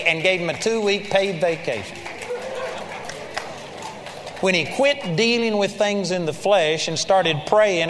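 A man's voice: sits high, in a large hall. A man preaching a sermon, telling a story in an earnest, exhorting manner.

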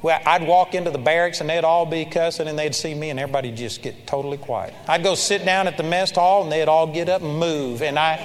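An older man preaching a sermon, telling stories with animated energy and shouting praise in his retellings. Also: a little high, quick pace, hardly any pauses. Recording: long reverb of a large hall.

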